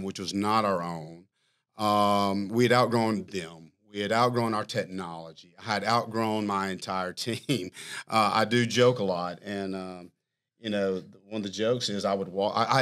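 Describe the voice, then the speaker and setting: A man, a company chief executive, telling a long story in a casual interview, animated and self-mocking, laughing as he talks. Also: lowish voice. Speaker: firm CEO, podcast guest.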